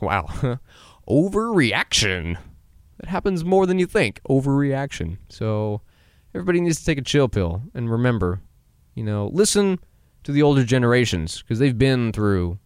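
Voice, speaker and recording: A man's voice: mid-range voice, expressive, normal speed, clear, resonant tone, no room sound, studio quality. A man in his twenties hosting a solo podcast, talking casually and giving pep-talk advice, acting out quotes and laughing at himself. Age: 20s. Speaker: podcast host.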